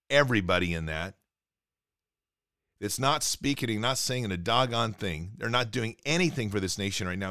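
A man's voice: on the low side, pushed and bright, no room sound, clean studio sound. A man hosting a commentary show, ranting indignantly and sarcastically while reading news items aloud.

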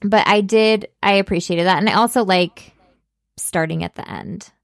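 A woman co-hosting a podcast in relaxed casual chat, full of fillers and laughing at her own stories. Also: mid-range voice, normal speed, creaky, no echo, clean studio sound. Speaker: podcast co-host.

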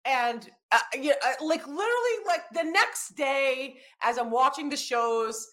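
Lively woman podcast co-host, fairly high. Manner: animated storyteller, swears freely, quick asides. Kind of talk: casual sports podcast chat.

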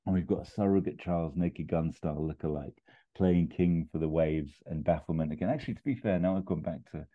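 A man casually pitching a comedy plot, rambling and chuckling with quick put-on voices. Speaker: podcast host pitching a film plot. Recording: tinny phone-like line.

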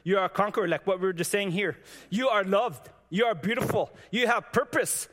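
A man gives a sermon built around a personal testimony, his voice sitting somewhat high for a man. He talks haltingly, often doubling back on words before driving his point home with earnest encouragement. The sound rings with the long reverb of a large church hall. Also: background noise. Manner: halting, frequent restarts and repeated words; earnest and exhortative. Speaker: preacher sharing testimony.

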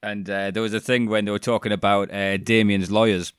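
Guy with a low voice cursing his way through a podcast rant, dry sound. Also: little pitch movement, fairly quick, smooth, no echo. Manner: swears freely, jokey rants. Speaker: podcast co-host. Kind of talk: casual chat.

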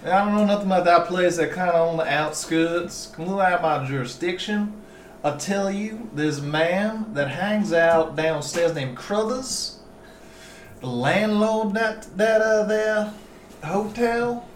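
A man's voice: a little high, sing-song, unhurried, echoey room, slight background noise. A man voicing a drunk, sleazy male town magistrate who drawls and slurs his words. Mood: rambling. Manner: slurred, boastful drawl.

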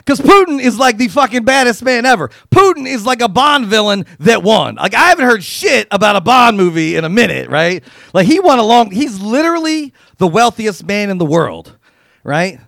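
High, gravelly-voiced man doing crude stand-up. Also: big pitch swings, moderate pace, fairly bright tone, no room sound, studio quality. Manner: crude, profane, riffing with acted-out quotes. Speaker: comedian. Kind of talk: stand-up comedy routine.

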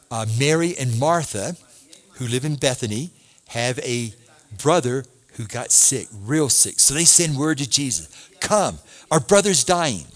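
A man preaching a sermon as a pastor, reading scripture aloud and asking his listeners questions. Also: medium pitch. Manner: animated preaching, reads scripture aloud, asks the congregation questions.

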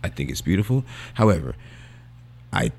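A man's voice: low-pitched, very animated, moderate pace, vocal fry, darkish tone, husky. A young man co-hosting a podcast in casual, slangy, rambling chat while losing his voice. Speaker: podcast co-host.

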